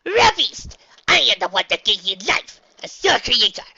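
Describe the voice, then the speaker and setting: A shrill, raspy old crone of a witch, as a man puts her on for a fanfic reading. Her voice is high, creaky and husky and swoops wildly, and she fawns and hurries. The recording is dull and lo-fi. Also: very animated, normal speed, bright, forceful tone, heavily acted. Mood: commanding. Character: scheming old female witch, nervous servant.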